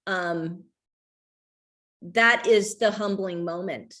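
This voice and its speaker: A woman's voice: medium pitch, drawn-out words, fairly bright tone. A middle-aged woman speaking as an author guest, reflective and rambling, with frequent restarts and trailing thoughts. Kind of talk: conversational talk over a video call.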